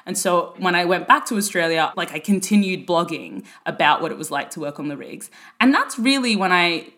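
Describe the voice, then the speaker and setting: A young woman from Sudan telling her life story in a casual, lively way, full of "like" fillers. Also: fairly low pitch, a little fast. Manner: lively, full of "like" fillers, acts out quoted voices.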